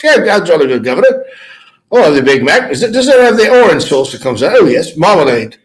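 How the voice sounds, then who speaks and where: A man's voice: on the high side, very animated, fast, pitched above the performer's own voice. A man putting on a jolly posh British gent. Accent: put-on British. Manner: overly polite and jolly. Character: posh British gentleman ordering fast food, jolly.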